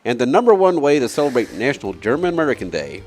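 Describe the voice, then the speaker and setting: A man's voice: medium pitch, very animated, fast talker, darkish tone, faint music behind. A man co-hosting a morning show, reading a joke list in a playful, jokey way. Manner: jokey, reads gags with playful lift. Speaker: co-host reading a top ten list. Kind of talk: casual chat.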